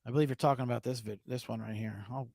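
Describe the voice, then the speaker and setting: A man's voice: mid-range voice, fairly even intonation, quick pace, creaky, very noisy. A man hosting a sports betting podcast in loose, profane, rambling casual chat.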